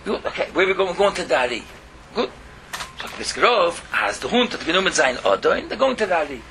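A man's voice: high-pitched, a little fast, gravelly, a little hiss or hum. A man telling a religious story in a Torah talk, repeating phrases for emphasis. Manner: animated, repeating phrases, mixing languages.

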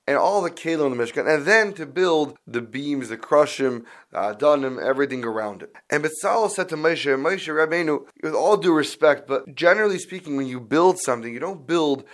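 A man teaching a Torah lesson in an animated, conversational storytelling manner. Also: mid-range voice.

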